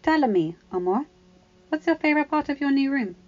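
A woman voicing a gentle father who speaks to his daughter softly and affectionately. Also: sits high, animated, fairly quick, faint music behind, pitched above the performer's own voice. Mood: fond. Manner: soft, affectionate. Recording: slightly dull lo-fi recording.

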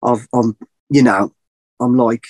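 A middle-aged man telling a long story as a podcast guest, animated and rambling, often laughing at himself. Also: mid-range voice, slow, no room sound. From England. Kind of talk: casual storytelling.

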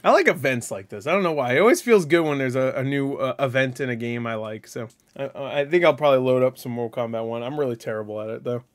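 A fast-talking man with a mid-range voice barely pauses as he hosts a loose reaction video, excitably thinking aloud, full of fillers and false starts, with frequent laughter and curses.

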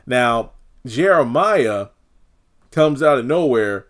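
Slow and mid-range, with lively intonation, a man loosely recaps a TV episode, sharing his opinions, filling gaps with plenty of fillers and performing the characters' dialogue.

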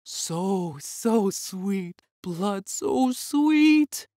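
Creepy fanatical monster voiced by a woman, slow, dark and muttering. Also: mid-range voice, lively intonation, no echo, clean studio sound. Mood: gloating. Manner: slow hissing muttering, repeats itself.

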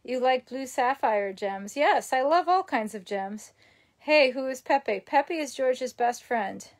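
A woman's voice: sits high, lively intonation, slow pace. A young woman chatting casually at home, answering live comments in a rambling way with lots of ums. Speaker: vlogger reading live comments. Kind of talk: casual live-stream chat. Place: her home.

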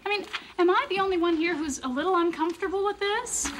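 An anxious, idealistic rookie colorist in a 1990s sitcom. Her voice sits very high and she rambles in nervous restarts. The old TV audio carries steady hiss. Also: fast. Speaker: comic-book colorist.

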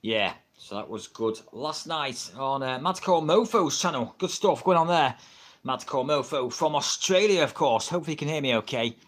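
A man's voice: fairly high pitch, animated, normal speed, fairly bright tone. A middle-aged man with an English accent, chatting casually on a livestream, rambling and laughing often, recorded on a built-in camera mic at home. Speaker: wrestling livestreamer. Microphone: built-in camera mic, no microphone.

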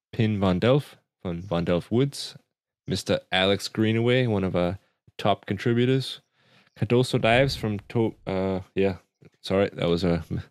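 A man's voice: on the low side, dry recording, studio quality. A man hosting a podcast in casual chat, laid-back and laughing easily. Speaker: podcast host.

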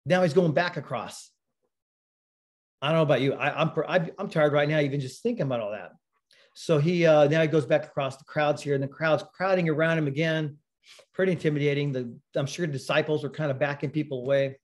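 A man giving a sermon, telling a personal story in a conversational way, often clearing his throat. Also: on the high side, brisk. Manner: conversational storytelling, acts out quoted voices; frequent throat clearing and fillers. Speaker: preacher.

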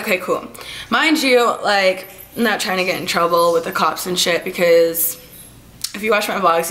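Young woman vlogging a storytime, bright clear voice, chatty and swears a lot. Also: medium pitch. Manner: chatty, animated storytelling with quoted dialogue and cursing. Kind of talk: storytime vlog.

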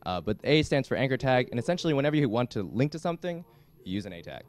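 A young man giving a classroom lecture as a student instructor, talking in a halting way with many restarts. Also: medium pitch, sing-song. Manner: halting, frequent restarts and fillers. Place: lecture hall.

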